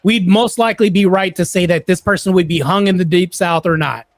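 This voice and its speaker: A man's voice: high-pitched, a little fast, dry recording, clean studio sound. A man debating on a live-stream panel, conceding points before pressing his own argument. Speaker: panel guest.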